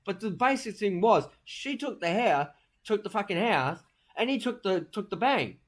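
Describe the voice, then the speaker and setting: A man's voice: high voice, very animated. A man, rambling through crude, boastful comic tall tales. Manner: brash, crude, rambling, fast-talking boasts.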